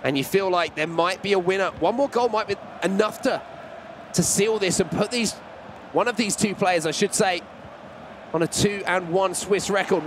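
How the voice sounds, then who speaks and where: Man, esports play-by-play commentator, high-pitched voice, lifts with excitement on chances, faint noise behind. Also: normal speed.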